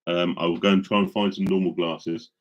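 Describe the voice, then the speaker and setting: A man's voice: low voice, little pitch movement, brisk. A middle-aged man casually chatting with viewers on a live stream, rambling with many ums and restarts, into a studio microphone.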